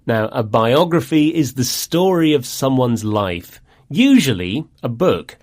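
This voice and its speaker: A man presenting an English lesson in a scripted dialogue, speaking in a clear, friendly and deliberate way. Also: mid-range voice, big pitch swings, a little mellow.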